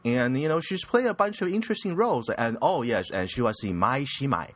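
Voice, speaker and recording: A man's voice: medium pitch, animated, a little fast, no room sound. A young man hosting a casual anime news podcast, rambling and crude, often giggling at his own jokes. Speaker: podcast host.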